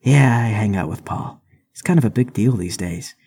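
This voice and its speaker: Dry low-key guy at a tabletop game, bit husky. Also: animated, moderate pace, mellow. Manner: dry, understated. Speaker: player. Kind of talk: role-playing a character.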